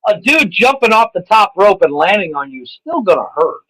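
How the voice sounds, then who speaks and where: A man's voice: high-pitched, sing-song, fairly quick, pushed and bright, slightly rough, no room sound, poor audio. A man co-hosting a casual podcast, joking around and laughing with profanity. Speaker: podcast co-host.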